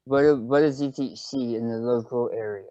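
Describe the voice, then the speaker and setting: A man's voice: medium pitch, brisk, warm tone, dry recording. Man player describing actions on lo-fi chat. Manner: describing his character's actions. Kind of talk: casual tabletop game chat.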